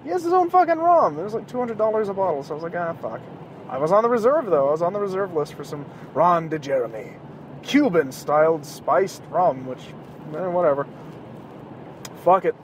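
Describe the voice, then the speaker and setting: A man's voice: high voice, lively intonation, a little fast. Profane, rambling man ranting from his car. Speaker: podcast host. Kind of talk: casual solo rant. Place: in a car driving home at night. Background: faint passing traffic.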